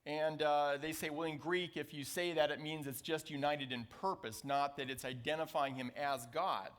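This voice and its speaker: A man preaching a sermon as a pastor, reading scripture aloud and slowing down to stress key phrases. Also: a little high, steady tone, fairly bright tone. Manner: reads scripture passages aloud.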